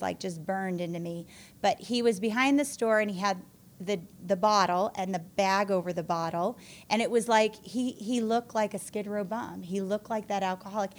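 Candid woman telling her own story. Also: medium pitch. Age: adult mother. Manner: candid, self-mocking storytelling, laughing through it. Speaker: speaker sharing her story at a support group meeting. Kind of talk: personal recovery testimony.

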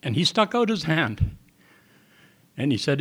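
A man's voice: on the high side, sing-song, measured pace, fairly bright tone, husky. An older man telling a personal testimony to an audience in a meeting hall, with plain folksy storytelling and acted-out dialogue. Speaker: recovery meeting speaker.

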